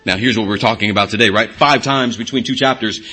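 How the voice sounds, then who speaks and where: A man's voice: lowish voice, quick pace, bright, forceful tone, slightly rough. A middle-aged man preaching a sermon, teaching earnestly and repeating key words for emphasis. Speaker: pastor.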